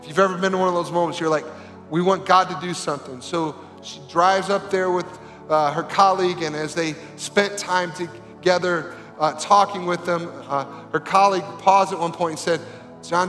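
A male pastor telling a story in a sermon, animated and acting out the voices of the people in it. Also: fairly high pitch. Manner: animated, acts out quoted voices. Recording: reverberant hall with faint music.

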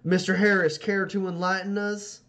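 A man's voice: sits high, little pitch movement, normal speed, fairly bright tone, voice pushed up. Brief: a man doing a polite, soothing mediator with a slightly raised voice. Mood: placating. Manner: soothing, formal. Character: smooth, placating male mediator, formal and polite.

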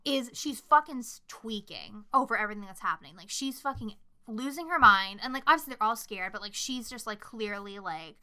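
A young woman co-hosting a casual horror movie podcast, swearing freely and telling scenes with lively, shouted impressions. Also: a little high, fairly quick, smooth. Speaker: podcast co-host.

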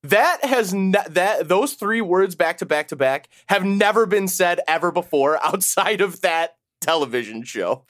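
A man's voice: sits high, animated, a little slow, hardly any pauses, fairly bright tone, no echo, studio quality. A man co-hosting a podcast in casual chat, wry and sarcastic, laughing as he talks. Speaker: podcast co-host.

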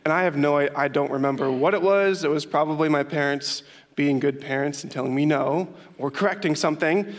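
A young man, a youth pastor, preaching a sermon and telling stories with lively emphasis and frequent laughs. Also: fairly high pitch, fairly quick. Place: church hall with long reverb. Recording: reverberant church hall.

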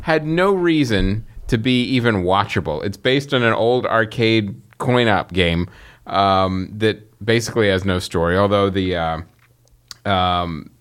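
A man co-hosting a casual movie podcast, animated and laughing often, with many fillers. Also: on the low side. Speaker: podcast co-host.

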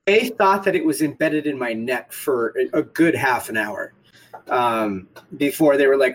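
A man's voice: medium pitch, expressive, moderate pace, low-quality recording. A man casually telling a rambling, profane story about getting shot at an airsoft game. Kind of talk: casual podcast chat.

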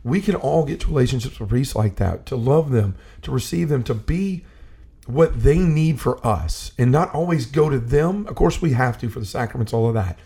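A man's voice: mid-range voice, animated, moderate pace, creaky, mellow, breathy edge. A man talking earnestly in a casual conversation about faith, telling stories and often restarting his sentences. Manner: earnest storyteller, restarts and repeats himself.

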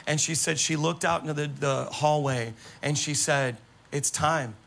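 A man preaching as a pastor, telling stories to his congregation in an animated, exclamatory way. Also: a little high, normal speed, vocal fry. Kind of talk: sermon with storytelling. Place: church service.

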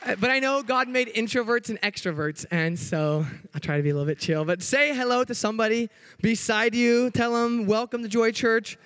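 A young man with a notably high voice delivers a church sermon as a youth pastor. He is bubbly and hyper, cracking jokes with the congregation and working to keep his pace in check. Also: a bit bright. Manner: hyper, upbeat and joking, trying to slow down. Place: church sanctuary.

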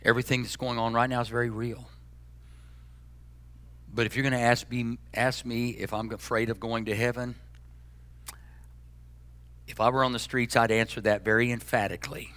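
A man preaching a sermon as pastor, folksy and joking, swinging between loud bursts and hushed asides. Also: mid-range voice, little pitch movement, normal speed, long pauses.

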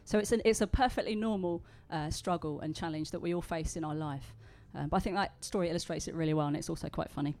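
A woman's voice: sits low, quick pace, hardly any pauses. A woman with a London accent preaching a chatty sermon and reading a story aloud to the congregation, with frequent "uh" and "um". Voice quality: conversational, warm storytelling delivery with filler words.

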